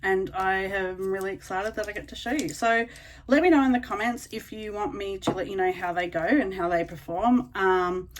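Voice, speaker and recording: Australian woman, casual beauty vlogger, mid-pitched, chatty and eager with plenty of filler words. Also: normal speed. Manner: chatty and excitable, full of ums and likes. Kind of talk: casual unboxing chat to camera.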